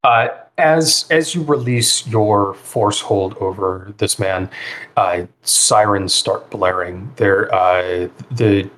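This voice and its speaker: A man narrating a tabletop role-playing game as game master, in a relaxed way with many fillers. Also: on the low side, takes it slowly. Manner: relaxed, filler-heavy narration with frequent ums and likes.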